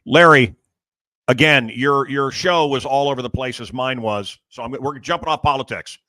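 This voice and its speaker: A man's voice: mid-range voice, normal speed, sharp tone, dry recording, clean studio sound. A man hosting a talk show, chatting casually in a rambling, emphatic way with many restarts. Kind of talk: casual interview chat.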